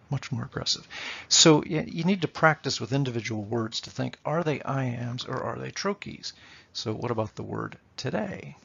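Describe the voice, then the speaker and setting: Gravelly, husky male literature teacher. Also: medium pitch, animated, normal speed, fairly bright tone, lo-fi sound. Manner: explanatory, checks in with "okay?", taps out rhythms aloud. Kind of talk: classroom lecture.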